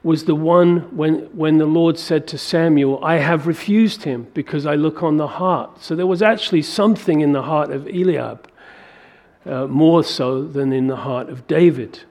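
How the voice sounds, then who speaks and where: A man preaching a sermon to a congregation, animated and acting out biblical dialogue in a raised voice. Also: fairly high pitch, normal speed. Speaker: pastor.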